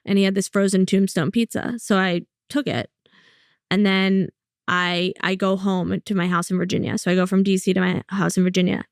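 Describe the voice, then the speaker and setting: A young woman, a comedian talking casually and bluntly as a guest, telling stories and slipping in quick quoted asides. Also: mid-range voice, level tone, smooth, no room sound, studio quality. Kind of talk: casual interview chat.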